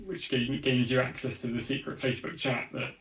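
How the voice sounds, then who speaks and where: A man's voice: mid-range voice, a little fast, a bit bright, roomy sound, poor audio. A man hosting a podcast interview, chatting in an easygoing, thankful way. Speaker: podcast host. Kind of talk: casual interview chat.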